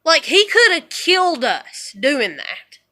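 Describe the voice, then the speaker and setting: A woman in her thirties telling rambling, profane stories in a casual monologue, dropping to low mutters and rising to loud outbursts. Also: big pitch swings, slow pace. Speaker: vlogger.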